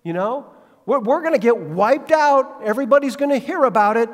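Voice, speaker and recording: Guy doing a whiny complaining bible leader, high voice, big reverb. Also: animated, brisk. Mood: pleading complaint. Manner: pleading, indignant, exaggerated complaint. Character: anguished male Bible leader blaming God.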